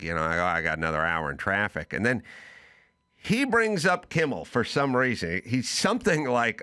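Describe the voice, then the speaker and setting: A man's voice: medium pitch, moderate pace. A middle-aged man hosting a talk show, telling a casual story and acting out both sides of a phone call. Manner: animated, voices both sides of a phone call in quoted bits. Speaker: podcast host.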